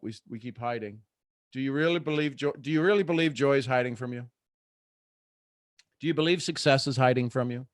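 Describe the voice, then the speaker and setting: A man hosting a live motivational morning show, preaching with soft asides and sudden loud bursts of excitement. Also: on the high side, no room sound, clean studio sound. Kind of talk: energetic motivational talk.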